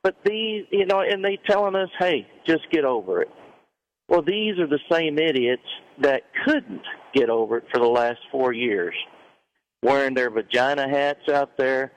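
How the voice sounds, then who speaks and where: A man's voice: mid-range voice, unhurried, rough recording. A man calling a talk radio show from his vehicle, plainspoken and indignant. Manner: plainspoken, indignant, tells a joke. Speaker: caller.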